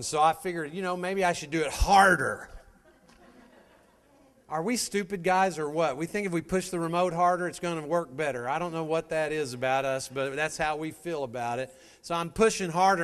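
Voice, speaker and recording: Folksy middle-aged man, smooth voice. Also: on the high side, a bit bright. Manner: folksy, storytelling, direct address. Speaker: motivational speaker. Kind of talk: motivational talk to a live audience.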